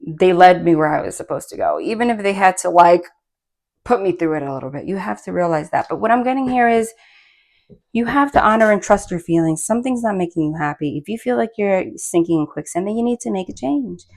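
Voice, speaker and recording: Woman tarot reader, chatty, rambling, lowish voice. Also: fairly quick. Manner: chatty, rambling, many fillers and restarts; bursts of laughter and excited asides. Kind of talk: casual spoken tarot reading.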